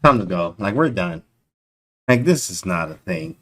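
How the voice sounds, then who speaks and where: A man commentating chess live to his stream chat, excitable and disbelieving, talking in casual slang. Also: deep voice, unhurried.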